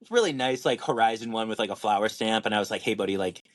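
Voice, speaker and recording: Young dude on a podcast, storytelling all animated, lots of likes and ums. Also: male voice, lowish voice, quick pace. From Washington state, USA. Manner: animated storyteller, acts out quotes, lots of fillers. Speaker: podcast co-host and pro disc golfer. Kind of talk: casual storytelling chat.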